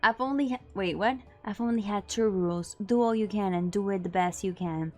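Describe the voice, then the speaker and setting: A woman reading the lines of an earnest, upright older gentleman cook from a dating game, with no accent attempted. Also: mid-range voice, fairly quick, faint music behind, natural voice.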